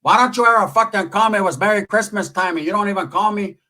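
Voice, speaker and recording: A man's voice: on the high side, fairly quick, bright, forceful tone. A man voicing his aunt as she scolds him, swearing as she goes. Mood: scolding. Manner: scolding, profane.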